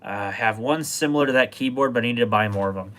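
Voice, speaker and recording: A man hosting a casual livestream about computer gear, talking in a rambling, relaxed way with lots of filler words. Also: medium pitch, fast. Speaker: livestream host.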